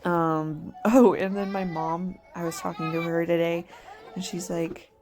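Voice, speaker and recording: Slow-talking, laughing young mum. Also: female voice, fairly low pitch, flat delivery, darkish tone, soft background music. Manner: rambling, laughs often, self-deprecating. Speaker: mother vlogger. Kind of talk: casual voice-over chat.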